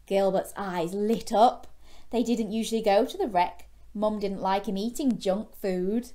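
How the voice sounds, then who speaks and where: A woman reading a bedtime story to young children, gently asking them questions along the way. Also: mid-range voice, measured pace.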